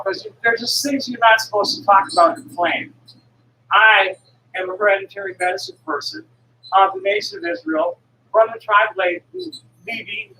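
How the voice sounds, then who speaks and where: With a fairly low voice that sounds pushed and bright, a traveling herbal medicine seller in her sixties delivers a rambling monologue, full of digressions and restarts, blunt and sometimes profane. Slight background noise and faint ambience come through from an echoey room, recorded from some distance.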